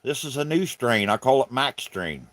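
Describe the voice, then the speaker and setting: A man's voice: mid-range voice, sing-song, moderate pace, fairly bright tone, no echo. Folksy Southern man chatting on a livestream. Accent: Southern American. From South Carolina. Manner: folksy, drawling, rambling. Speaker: livestream host. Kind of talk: casual livestream chat greeting viewers.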